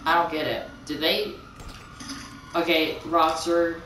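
Excitable man rambling over gameplay. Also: a little high, slow pace. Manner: excitable, repeats himself, rambling. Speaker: gaming channel host. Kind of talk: casual gameplay commentary. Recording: roomy, distant mic, noisy.

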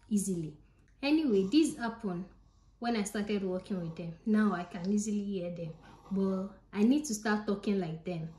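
A woman's voice: mid-range voice, normal speed, mellow, roomy sound. A woman with a Nigerian accent talks casually to her viewers in a vlog. She is chatty and emphatic and repeats her points directly to the camera. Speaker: vlogger.

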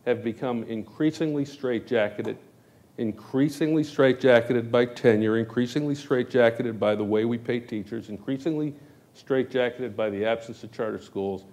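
A man's voice: medium pitch, a little mellow. A man, a candidate for governor, delivering an emphatic closing statement at a public forum, building his points through repetition. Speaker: gubernatorial candidate. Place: forum hall.

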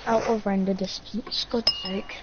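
A woman's voice: mid-range voice, little pitch movement, unhurried, very noisy. A young woman chatting and joking along while playing a game. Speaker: player. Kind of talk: casual gaming chat. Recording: dull lo-fi mic.

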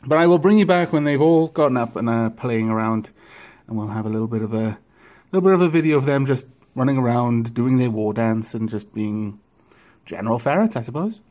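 A man filming a casual vlog of his pet ferrets, cooing to them in gentle baby talk. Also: mid-range voice, lively intonation, brisk. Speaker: vlogger.

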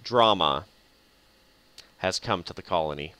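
Chuckling and muttering as he goes, a man gives casual live-stream commentary on a strategy game. His voice sits low, bright and forceful, clean in tone, delivered at a measured pace, and faint game music runs behind him.

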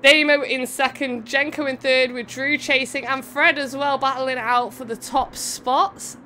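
A young woman streamer commentates a racing game event live, chatting with viewers between calls in a bubbly, giggly way. Her high voice is pushed and bright, steady and unhurried, with a little hiss or hum in the audio.

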